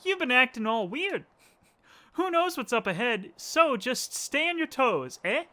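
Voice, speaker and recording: A man's voice: very high voice, very animated, unhurried, bright, forceful tone, pitched above the performer's own voice, heavily acted. A man reading aloud in a raised voice as a bold young girl adventurer, half-joking. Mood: teasing.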